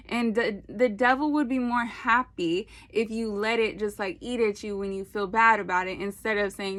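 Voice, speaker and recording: A woman giving a casual, animated faith talk into her phone, preachy and slangy with playful asides. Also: mid-range voice, normal speed, few pauses. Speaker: faith video host.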